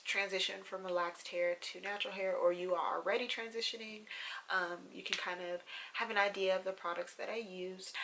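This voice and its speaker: A young woman talks casually to her camera in a rambling, filler-laden vlog. Her voice is bright and forward, with a gravelly fry running through it, and she turns tearful and gushing as she goes. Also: mid-range voice, a little hiss or hum. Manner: chatty and rambling with many fillers. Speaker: vlogger.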